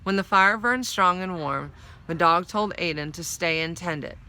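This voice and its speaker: A woman's voice: lowish voice, moderate pace, bright, forceful tone. A woman reading a novel aloud, narrating steadily in the first person. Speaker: storyteller.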